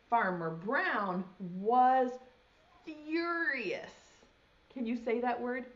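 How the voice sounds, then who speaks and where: A young woman, a preschool teacher, reads a picture book aloud at a slow, patient pace. She pauses often to ask the little ones questions. The recording sounds dull and lo-fi. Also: on the high side, expressive. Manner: gentle, asks children questions as she reads. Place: home video lesson.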